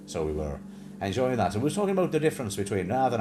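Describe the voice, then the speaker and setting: Rambling low-voiced man, lively. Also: rapid-fire, echoey room, music in the background. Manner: rambling, many fillers, breaks into sung snatches and mimicked accents. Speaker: livestream host. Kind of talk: casual chat.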